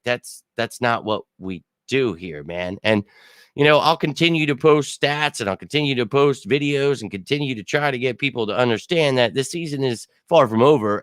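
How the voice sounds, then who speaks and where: A man's voice: medium pitch, a bit bright, no room sound. Male stream host, mid-range voice, dry close-mic sound, rambling and exasperated chat. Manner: rambling, exasperated, filler-heavy. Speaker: sports podcast host. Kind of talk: casual live-stream commentary.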